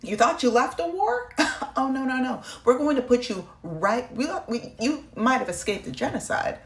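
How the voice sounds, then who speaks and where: A woman's voice: a little high, lively intonation, moderate pace, echoey room, voice pushed up. A woman putting on the voice of a callous official, speaking in a sarcastic, taunting way. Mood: mocking. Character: mocking male official, gleeful and callous.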